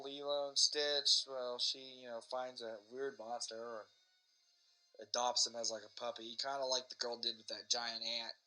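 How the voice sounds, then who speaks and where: A man's voice: fairly high pitch, bright, forceful tone, low-quality recording. A man hosting a podcast, rambling sarcastically and swearing freely in a casual monologue. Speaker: podcast host.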